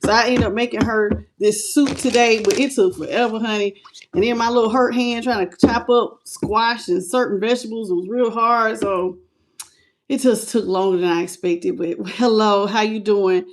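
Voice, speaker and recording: Speaking at a moderate pace with fairly even intonation, a middle-aged woman with a highish voice runs a relaxed tarot livestream from home. Her phone sits on a stand as she warmly chats, calling viewers by name and pet names.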